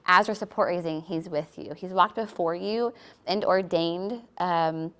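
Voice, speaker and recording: A woman's voice: on the low side, smooth. A woman on a ministry panel, a wife and mother, sharing a Bible verse in a chatty way with many "like" fillers. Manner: warm, chatty, many "like" fillers, quick little laughs. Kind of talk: personal devotional sharing on a panel.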